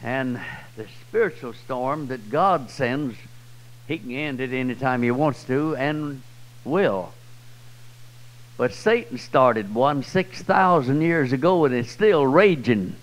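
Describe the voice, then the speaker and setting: A man with a Southern US accent preaching a sermon, swinging from loud, high cries to low, quiet passages. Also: expressive, slow pace, rough recording. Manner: swells loud and high then drops low and soft. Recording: old 1990s church tape.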